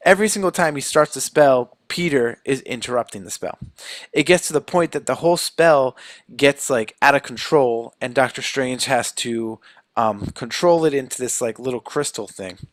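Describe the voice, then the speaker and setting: Young male podcast co-host, chatty recap, quick character quotes, dry close-mic sound. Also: medium pitch, no echo. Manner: retells scenes with quick quoted voices. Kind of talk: casual recap.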